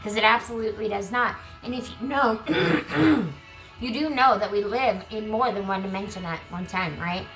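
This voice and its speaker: Bright-voiced woman giving a tarot reading. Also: medium pitch, moderate pace, faint music behind, poor audio. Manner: chatty asides between gentle readings. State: losing her voice, clearing throat. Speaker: tarot reader. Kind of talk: collective tarot reading, reading card texts aloud.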